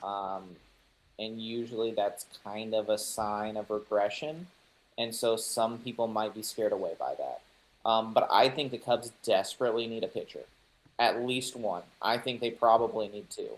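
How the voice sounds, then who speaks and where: A man's voice: lowish voice, moderate pace, a little hiss or hum, low-quality recording. A man co-hosting a sports podcast, talking casually and confidently, giving firm opinions with a joking edge. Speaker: podcast co-host.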